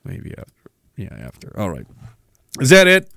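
A man's voice: mid-range voice, huge pitch swings, normal speed, gravelly, sharp tone, dry recording, studio quality. A man hosting a livestream podcast, ranting sarcastically, laughing at his own riffs and reading chat comments aloud. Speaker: podcast host.

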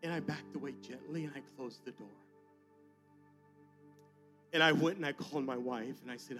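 A male pastor telling a personal story in a church sermon, swinging emotionally between soft asides and loud declarations. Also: medium pitch, brisk, long pauses, faint music behind.

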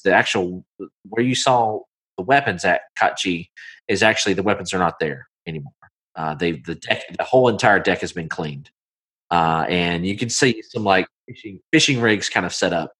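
Rambling, low-voiced game master. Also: male voice, a bit bright. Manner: casual, rambling, full of fillers. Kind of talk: narrating a tabletop game.

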